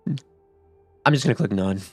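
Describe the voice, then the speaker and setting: A man's voice: on the low side, expressive, fairly quick, faint music behind. A young man giving casual, rambling commentary while playing a game, swearing often and restarting his sentences. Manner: rambling and profane, with many fillers and restarts. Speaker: gaming streamer.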